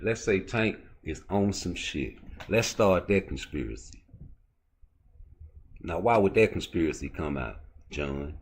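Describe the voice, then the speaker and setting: Very deep, husky man ranting about boxing. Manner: profane, confrontational, rhetorical questions. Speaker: boxing commentary host. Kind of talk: unscripted rant to a live chat.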